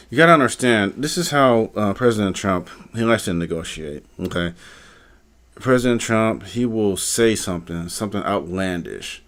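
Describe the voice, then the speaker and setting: A man hosting a live stream, talking casually and rambling, with many fillers and repeated words. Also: low voice. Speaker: live stream host, postal worker.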